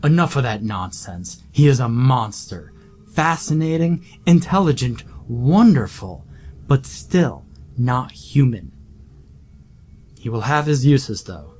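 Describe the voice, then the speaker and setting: A man voicing a cold, calculating male Nazi official, speaking quietly and condescendingly in an audiobook horror story. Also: medium pitch, sing-song, slow pace.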